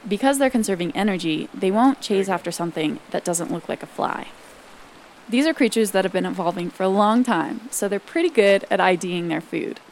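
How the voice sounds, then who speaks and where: A woman reporter narrating a documentary feature in a calm, reflective storytelling manner. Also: medium pitch, fairly quick, slight background noise.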